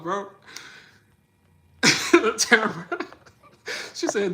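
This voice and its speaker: A young man from New Orleans with a Southern drawl chats on a livestream and reads comments aloud. His slightly high, bright voice breaks often into laughter while he tells animated stories. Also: a little slow, pauses often. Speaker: livestream host. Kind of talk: casual livestream chat reading comments.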